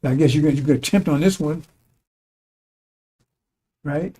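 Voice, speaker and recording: A man with a somewhat high, mellow voice, preaching in a loose, conversational way. He keeps circling back to the same point and tosses in little rhetorical checks with his listeners. The tone is casual and emphatic rather than formal. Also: measured pace, husky. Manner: conversational, rhetorical asides like "right?" and "see?"; repetitive, emphatic drilling of points. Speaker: religious commentator. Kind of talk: informal preaching monologue.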